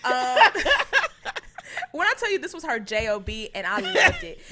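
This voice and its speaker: A woman's voice: high voice, wildly swooping pitch, unhurried, bright, forceful tone, a little hiss or hum. A woman comedian in casual comedic chat, telling stories in a playful, dramatic way and often laughing. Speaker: comedian guest.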